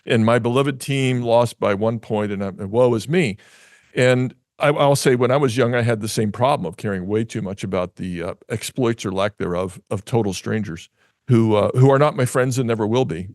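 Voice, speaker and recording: A man's voice: medium pitch, moderate pace, darkish tone, no echo. A middle-aged man, a seminary professor, hosting an interview, telling stories with dry humor. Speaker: host. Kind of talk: conversational interview.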